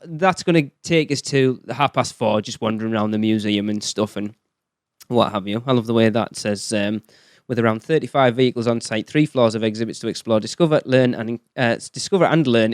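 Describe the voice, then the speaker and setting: Northern English male podcast co-host, mid-pitched, jokey and chatty, dry close sound. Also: fairly quick, clear, resonant tone, dry recording. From northern England. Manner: chatty, jokey, self-deprecating. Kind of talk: casual chat.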